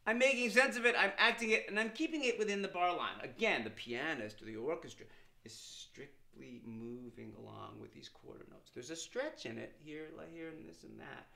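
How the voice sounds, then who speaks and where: A man's voice: fairly high pitch, normal speed, creaky. A middle-aged man, a composer, explains how to perform his score in an informal lesson, breaking into sung lines to demonstrate. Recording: roomy sound with loud piano playing.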